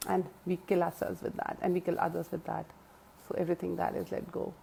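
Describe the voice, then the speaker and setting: A woman's voice: on the low side, little pitch movement, fairly quick, gravelly, dark tone, husky. A woman hosting a live stream, talking earnestly and at length about self-help ideas and answering viewer comments. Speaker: live stream host and life coach. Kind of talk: casual live-stream coaching talk.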